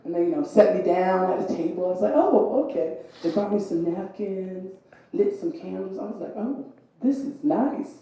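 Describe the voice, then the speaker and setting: Young female stand-up comic with a braces lisp, lively delivery, recorded in a booming echoey room. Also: brisk. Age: young adult. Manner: animated, voices others in quotes. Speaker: stand-up comedian. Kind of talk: stand-up comedy set. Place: comedy venue with laughing audience.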